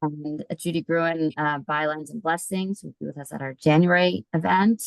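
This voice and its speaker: Middle-aged American woman host, low gravelly voice, hesitant and halting, dry video-call sound. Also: steady tone, dry recording. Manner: hesitant, many ums and restarts. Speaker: host of an online book event. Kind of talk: casual video call announcements.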